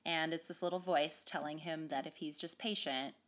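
A woman's voice: low voice, fairly even intonation, moderate pace. A woman co-hosting a podcast, chatting enthusiastically about a children's book and laughing often. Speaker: podcast co-host. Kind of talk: casual book discussion.

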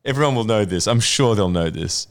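Man, animated storyteller, laughs a lot, casual cohost. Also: fairly low pitch. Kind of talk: casual chat.

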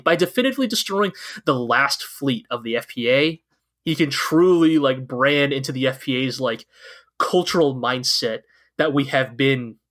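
A man's voice: medium pitch, a bit bright. A man co-hosting a podcast, chatting casually and enthusiastically about an anime, rambling with lots of fillers. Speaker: podcast co-host. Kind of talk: casual anime recap chat.

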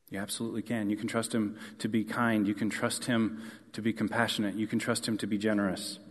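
A man with a lowish voice preaching an earnest sermon. He swells into emphatic questions and then settles back soft and close. His words ring out with the long reverb of a large hall. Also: slightly rough. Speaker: pastor.

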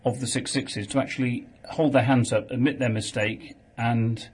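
A man's voice: medium pitch, fairly even intonation, normal speed, a little mellow, breathy edge. A man who is a guest author on a radio show, explaining his work in an earnest way. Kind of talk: radio interview.

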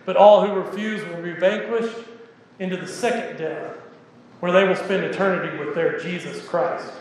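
Vast fallen angel read by a man, grand slow proclamation, high tone, echoey hall. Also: steady tone, a little hiss or hum, close to an everyday voice. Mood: proclaiming. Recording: echoey church hall with reverb.

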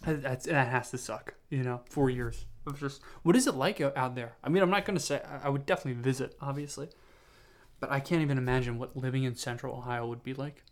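A young man talks alone into his podcast mic, drifting from one tangent to the next. He sounds tired and low on steam, and he keeps stopping to restart sentences and poke fun at himself. His pitch sits in a plain middle range. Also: fast. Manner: meandering, self-mocking, full of fillers and restarts. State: tired, yawning. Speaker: podcast host. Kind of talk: rambling solo podcast monologue.

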